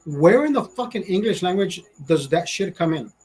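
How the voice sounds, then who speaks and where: Man in his 40s, Honduran accent, husky voice, fairly high pitch, profane and indignant. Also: animated, moderate pace, a little mellow, poor audio. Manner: profane, blunt, indignant ranting. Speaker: vlogger. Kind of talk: casual ranting monologue.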